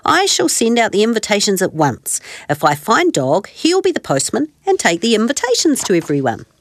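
A woman voicing a kindly male rag doll toy who organises things, in a gentle storybook reading. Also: mid-range voice, huge pitch swings, normal speed, no room sound, voice pushed up.

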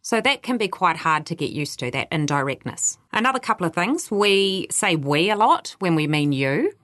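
A woman's voice: fairly low pitch, big pitch swings, normal speed, a bit bright, no room sound, studio quality. A woman with a New Zealand accent, answering interview questions as a workplace culture adviser, explaining patiently. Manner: explanatory, quotes others in livelier voices.

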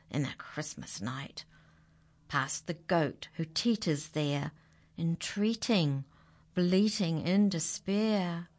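A woman reads a rhyming children's picture book aloud with drama, sinking into hushed whispers and climbing to high exclamations.

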